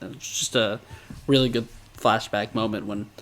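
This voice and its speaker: A man co-hosting a podcast, recapping episodes in a casual, animated way and laughing often. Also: on the low side, moderate pace.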